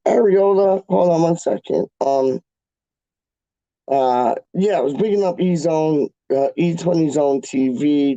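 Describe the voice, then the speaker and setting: A man's voice: fairly high pitch, gravelly, warm tone, no echo, highs cut off. A young man hosting a fan channel, chatting casually to viewers in a rambling, slangy way that repeats itself.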